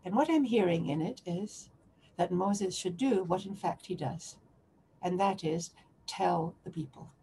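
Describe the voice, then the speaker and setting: A woman's voice: lowish voice, measured pace, warm tone, a little hiss or hum. A woman lecturing on a biblical text to a remote audience, often restarting and posing questions as she searches for words.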